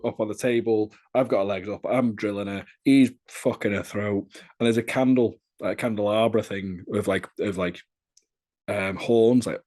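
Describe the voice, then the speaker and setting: A young man talking casually as a podcast guest, telling stories in a lively, chatty way. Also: lowish voice. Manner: lively, chatty storyteller, often laughing. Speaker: interviewee.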